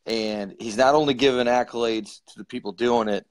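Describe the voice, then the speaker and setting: A man's voice: mid-range voice, brisk, no echo. Guy cohost cracking jokes, mid voice, dry no-room sound on a video call. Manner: joking, laughs easily. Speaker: co-host. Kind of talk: casual live-stream chat.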